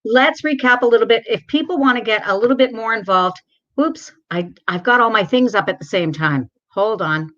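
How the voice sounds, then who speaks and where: Woman host with a rather high pitch, a chatty and distracted manner, and dull, lo-fi stream audio. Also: moderate pace, fairly bright tone. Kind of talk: live-stream interview.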